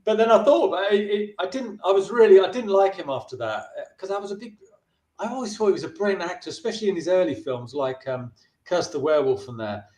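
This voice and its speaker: A man's voice: high voice, lively intonation, quick pace, darkish tone, echoey room. A filmmaker being interviewed, a man telling a long anecdote casually, often restarting his sentences and briefly mimicking the people in his story. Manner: chatty, with frequent restarts and brief put-on voices for the people in his stories.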